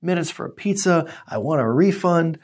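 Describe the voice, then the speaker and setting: A man's voice: a little high, animated, normal speed, darkish tone, pitched above the performer's own voice. A man putting on a sarcastic complaining lady. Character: sarcastic, hungry woman customer complaining.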